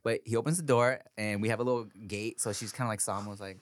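A man in his thirties, a podcast co-host, telling animated stories about his toddler in casual chat. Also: fast talker, no echo. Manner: animated storyteller, acts out his toddler in a high voice.

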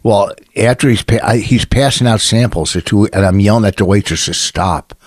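A man's voice: on the low side, a little fast, dry recording, clean studio sound. A man, a stand-up comedian, ranting in casual chat and swearing constantly as he tells a story. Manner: profane, ranting, heated storytelling.

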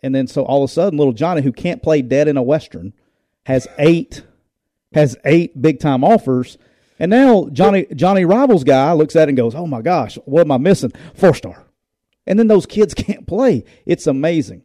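With a voice on the high side and a slightly quick pace, a middle-aged former football coach co-hosts a casual storytelling show. He laughs while recounting tales and animatedly imitates those he quotes, heard in echo-free studio quality.

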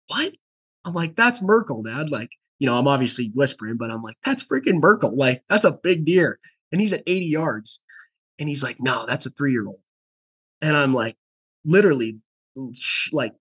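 A man's voice: mid-range voice, a bit bright, slightly rough. A young man, a podcast guest, telling a story in casual talk and acting out the quoted dialogue, at times in a whisper.

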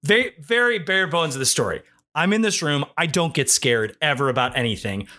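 Animated, bright-voiced comedic storyteller man. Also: a little high, a little fast. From Midwest US. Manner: animated, jokey, profane. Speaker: podcast host.

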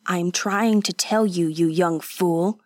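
Lady reading as a grumpy old wood guy, blunt and scolding, lowish voice, dry sound. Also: slow pace, darkish tone, no room sound. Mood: gruff. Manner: stern, blunt, lecturing. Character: gruff old male woodseller, blunt and scolding.

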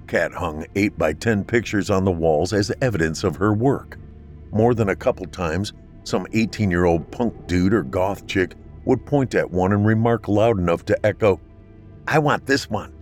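Deep-voiced man narrating a horror story. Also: faint music behind. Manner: steady, measured storytelling.

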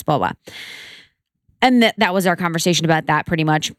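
A woman in her late twenties co-hosting a podcast, telling stories in an animated way and acting out other people's lines. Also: lowish voice, fairly quick, no echo, studio quality. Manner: animated storytelling, acts out her mom's lines. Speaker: podcast co-host. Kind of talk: casual chat.

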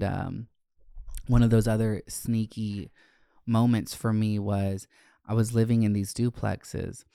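A young man hosts a podcast and tells stories from his childhood, swearing freely and joking as he goes. His voice is smooth and resonant. The sound is close and dry, with no room echo. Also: lowish voice, darkish tone. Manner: candid, profane, joking. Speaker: podcast host. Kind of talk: casual storytelling.

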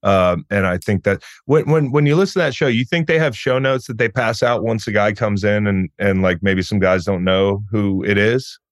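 A man's voice: lowish voice, moderate pace, hardly any pauses, no room sound, studio quality. A man guesting on a podcast, chatting in a laid-back way, swearing and saying "dude" a lot. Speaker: podcast guest, former football player. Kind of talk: casual chat.

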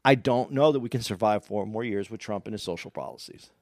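A man's voice: on the low side, quick pace, a little mellow, no echo, clean studio sound. A man arguing politics insistently, interrupting and repeating his points. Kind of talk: casual political debate.

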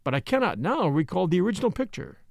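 A man voicing a grave, kindly older art professor who speaks with measured fervor. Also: high-pitched, sing-song, gravelly, no echo, clean studio sound, exaggerated voice. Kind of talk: audiobook character voice.

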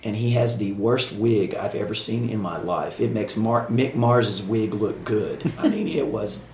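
A man's voice: lowish voice, measured pace, darkish tone, slight background noise. A man telling casual stories as a podcast guest, rambling with restarts and frequent laughter. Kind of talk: casual storytelling. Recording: roomy echo.

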